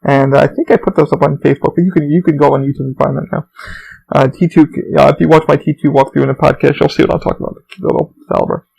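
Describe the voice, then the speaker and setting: A man's voice: on the high side, fairly even intonation, fast, vocal fry, darkish tone, a little hiss or hum, rough recording. A man hosting a podcast, telling work stories in a rambling, profane, casual monologue. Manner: profane, storytelling, rambling with restarts. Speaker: podcast host; theme park employee.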